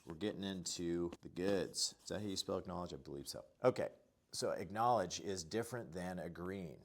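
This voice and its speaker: A man with a deep, low voice teaches as a relationship coach, speaking straight to the camera. His delivery is earnest and direct. He pauses now and then to write on a board. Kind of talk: instructional talk to camera.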